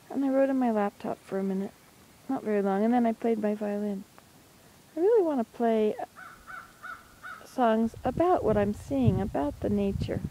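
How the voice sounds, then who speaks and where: Woman vlogger, rambling casual chat, mellow tone, outdoor camera sound. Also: medium pitch, slight background noise, poor audio. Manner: rambling, chatty, thinking aloud. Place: outdoors by a marsh.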